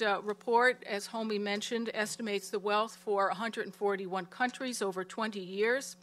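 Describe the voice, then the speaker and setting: A woman giving a prepared presentation of a research report in a steady, measured way. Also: fairly high pitch.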